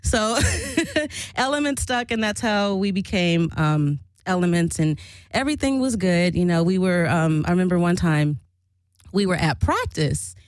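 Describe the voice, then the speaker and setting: A woman's voice: on the low side, animated, measured pace, clear, resonant tone, no room sound. Rambling, laughing woman chatting to camera. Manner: rambling, frank and profane, laughs often. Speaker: vlogger recalling her old band. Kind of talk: casual chat to camera.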